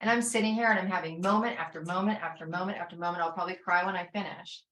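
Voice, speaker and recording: A woman telling a rambling, animated story in casual talk, acting out her own inner voice. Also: lowish voice, very fast, echoey room. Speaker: summit organizer speaking to a panel.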